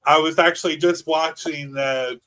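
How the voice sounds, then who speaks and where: A man's voice: fairly high pitch, fairly even intonation, moderate pace, bright, forceful tone, rough recording. A man hosting a casual podcast interview, eager and loose-spoken, swearing now and then. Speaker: podcast host.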